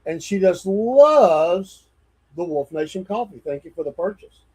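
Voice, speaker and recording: A man's voice: high voice, expressive, measured pace, darkish tone, breathy edge. A man, co-hosting a casual podcast, easygoing and playful as he reads fan mail. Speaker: co-host.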